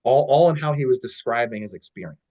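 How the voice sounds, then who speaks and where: A man's voice: medium pitch, quick pace, lo-fi sound. A male coach talking through ideas in a loose, easygoing way, with plenty of "like" and "you know" as he tells stories. His voice sits in an ordinary middle range for a man. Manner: relaxed storytelling with many fillers. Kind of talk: casual teaching talk.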